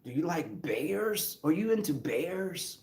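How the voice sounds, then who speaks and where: Portly flirting club man, put on by a male storyteller, smooth come-ons, gravelly, echoey room. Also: on the high side, sing-song, slow, darkish tone, exaggerated voice. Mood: flirty. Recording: roomy echo.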